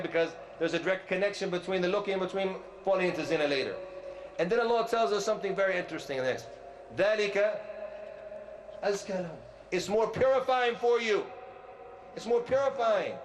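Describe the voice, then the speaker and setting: A man giving a lively lecture sermon as a visiting sheikh, talking loudly into a close microphone, firing questions at the crowd and teasing them. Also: high voice, slight background noise. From USA. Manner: animated, asks the crowd questions and teases them; loud voice, by his own account. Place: large multi-floor community centre hall.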